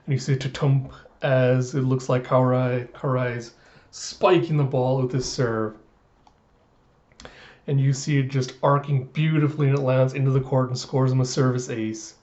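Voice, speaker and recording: A man's voice: medium pitch, little pitch movement, moderate pace, darkish tone. Guy rambling through a manga recap, lots of uhs, mid voice, kinda muffled audio. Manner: rambling, hesitant with many uhs. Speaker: manga reviewer. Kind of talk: casual reaction recap.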